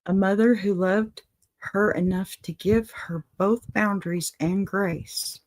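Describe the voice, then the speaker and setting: A woman's voice: mid-range voice, fairly even intonation, slow pace. A woman hosting an advice show, talking casually and reassuringly to a viewer. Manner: gentle, reassuring, apologetic asides. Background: dog in the room.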